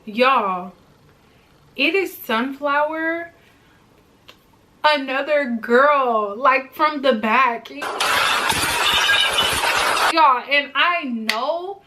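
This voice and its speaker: A young woman vlogger telling a personal story in a chatty, animated way, often turning to her viewers. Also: sits high, very slow, long pauses, slight background noise. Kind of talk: storytime vlog.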